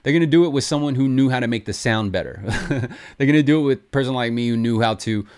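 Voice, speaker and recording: A man coaching listeners on sales in a casual, animated talk, acting out sample calls along the way. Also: medium pitch, fast, clear, resonant tone. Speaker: sales trainer.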